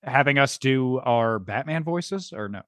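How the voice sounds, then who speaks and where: A man's voice: medium pitch, lively intonation, measured pace, fairly bright tone, no echo, studio quality. Laid-back rambling male podcast host. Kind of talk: casual chat. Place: home, New Jersey.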